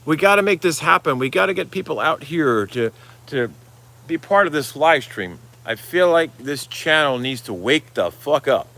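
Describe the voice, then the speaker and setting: A man's voice: a little high, expressive, normal speed, a bit bright. A middle-aged man hosting a casual live stream, rambling, swearing freely and reading out viewer comments. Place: Florida, outdoors.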